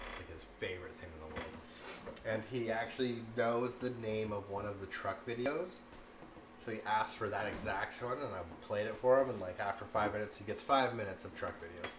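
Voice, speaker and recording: This cooking streamer, a man in his thirties, has a lowish voice and a brisk delivery. Animated and prone to rambling, he laughs a lot and leans heavily on "like" as he chats and tells stories in an echoey room with faint noise behind him.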